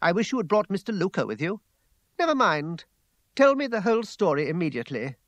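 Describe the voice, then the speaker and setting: A man reading aloud gives a passionate, imperious young woman a higher, louder, emphatic voice. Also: very animated, brisk, no room sound, lo-fi sound. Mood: challenging.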